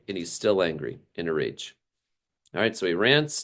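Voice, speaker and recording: A man preaching a sermon, animated and acting out the people he quotes, with frequent small laughs. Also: mid-range voice, normal speed. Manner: animated, acts out quoted characters, laughs often. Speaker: pastor.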